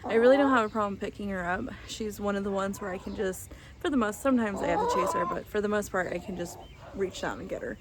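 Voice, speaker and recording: A woman chatting casually while she walks through her backyard garden and chicken coop. She rambles, laughs often, and coos softly to her hen. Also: medium pitch, animated, quick pace, crowd noise. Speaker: vlogger giving a garden tour. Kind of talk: casual chat.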